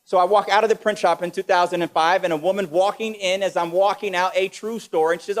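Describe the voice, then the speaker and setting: Male motivational speaker, energetic, slightly higher voice, calls out questions to the crowd. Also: fast, few pauses. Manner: energetic, quizzes the audience. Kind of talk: motivational lecture.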